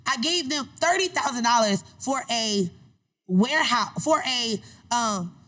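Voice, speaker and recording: A woman's voice: on the high side, unhurried. A woman guest on a podcast interview, telling her story in a casual, emphatic way and acting out the voices of people she quotes. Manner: animated, acts out quoted voices; emphatic, repeats phrases for effect.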